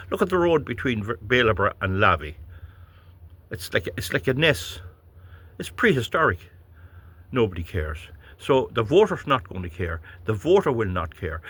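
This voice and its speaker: Husky Irish man on a rambling rant. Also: mid-range voice, a bit bright. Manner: blunt, rambling, chuckling, stumbles over words. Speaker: vlogger. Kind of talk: ranting political monologue.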